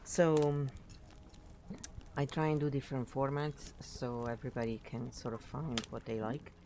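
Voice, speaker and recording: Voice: medium pitch, little pitch movement, moderate pace, noisy background. A live streamer sounding tired, chatting casually and rambling with many fillers.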